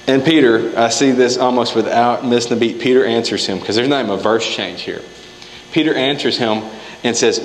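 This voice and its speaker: A man delivers a relaxed, conversational sermon, pausing to act out the scripture scenes himself. His voice sits at an ordinary middle pitch and rings through a large hall with a long echo and faint ambient noise. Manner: conversational, animated, acts out scripture quotes. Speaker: preacher. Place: church hall.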